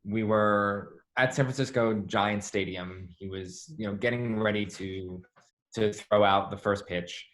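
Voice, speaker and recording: A man being interviewed, telling stories in a chatty, animated way with lots of "like". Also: on the low side, measured pace. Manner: chatty, animated, heavy use of "like". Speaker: interview guest, former assistant. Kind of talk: casual storytelling interview.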